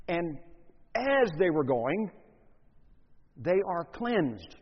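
A man preaching a sermon in an animated way, acting out scenes with big swings in pitch and volume. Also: takes it slowly, husky. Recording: long hall reverb, muffled lo-fi sound.

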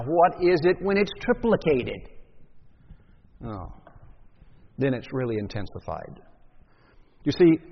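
A man's voice: on the high side, slightly rough. A man preaching a sermon, teaching emphatically and posing rhetorical questions to his listeners. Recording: dull sound with long hall reverb.

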